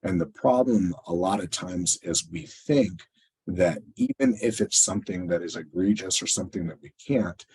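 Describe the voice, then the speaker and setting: Husky low-voiced male trainer. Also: normal speed, a little mellow, low-quality recording. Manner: conversational, tag questions, fillers; acts out quoted exchanges. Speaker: webinar presenter and trainer. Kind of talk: training webinar lecture.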